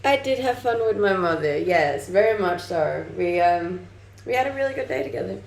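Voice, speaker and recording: Chatty Danish woman with a gravelly edge. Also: fairly low pitch, animated, normal speed. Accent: mixed Danish and Australian-tinged English. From Denmark. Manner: chatty, laughs often, answers chat messages. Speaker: livestreamer reading chat. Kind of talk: casual live stream chat. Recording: echoey room, faint noise.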